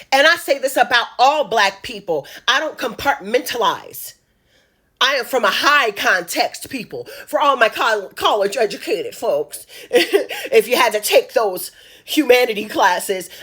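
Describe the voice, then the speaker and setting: Woman from Chicago, slightly high, sharp-edged voice, impassioned direct-address commentary with repeated emphatic phrases. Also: breathy edge. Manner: emphatic, repetitive, speaks straight to the audience. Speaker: social media commentator. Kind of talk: impassioned monologue to camera.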